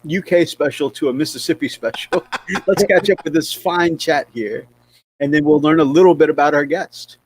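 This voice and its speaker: A man's voice: a little high, normal speed, husky, dry recording. A man hosting a hobby livestream, enthusiastic and greeting viewers. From United States. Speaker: host. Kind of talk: livestream chat.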